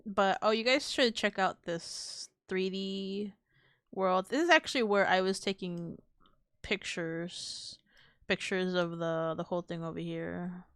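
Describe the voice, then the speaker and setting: A woman's voice: lowish voice, a little slow, fairly bright tone, clean tone, no echo, studio quality. A woman streamer chatting casually on a live stream, rambling, giggling often and swearing offhandedly. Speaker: VTuber streamer.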